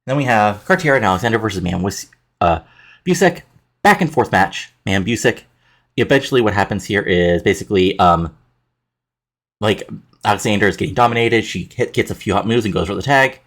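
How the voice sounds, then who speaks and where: Guy w husky voice rambling thru a wrestling sim recap, lots of ums and fixes. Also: fairly low pitch, expressive, a little fast, fairly bright tone. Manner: rambling, with fillers and self-corrections. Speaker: let's play narrator. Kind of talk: casual recap of a wrestling booking game.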